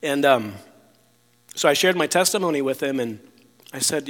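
A man's voice: mid-range voice, animated, normal speed, long pauses, fairly bright tone, in a large hall. A man telling a personal testimony in casual speech, rambling with many fillers and restarts, sometimes acting out what others said. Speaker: storyteller sharing a testimony.

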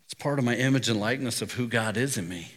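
A man's voice: medium pitch, fast, fairly bright tone. A middle-aged man preaching a sermon as pastor, telling stories in a conversational way. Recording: long reverb of a hall.

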